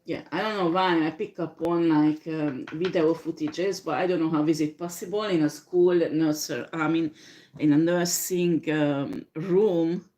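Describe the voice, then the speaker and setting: Slow, low-voiced woman doing a tarot reading. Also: fairly even intonation, mellow. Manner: slow, hesitant, many fillers. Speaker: tarot reader. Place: home with a dishwasher running.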